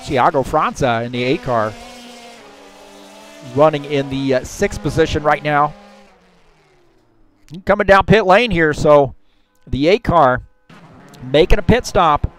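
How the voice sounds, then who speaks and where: A man's voice: on the high side, a little slow, pauses often, fairly bright tone, faint music behind. A man giving casual, chatty commentary on a sim race, with lots of fillers.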